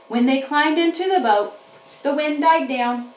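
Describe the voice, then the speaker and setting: A woman teaching children's church, telling a Bible story to young kids in an animated way and chatting with her puppets. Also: high-pitched, unhurried. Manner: animated, talks back to puppets. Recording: roomy room, mic at a distance.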